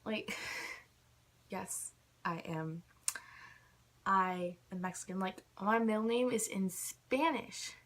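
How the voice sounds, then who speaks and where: Speaking slowly and pausing often, a young vlogger with a mid-range voice vents to the camera in a casual, irritated rant, filling her speech with "like" over and over.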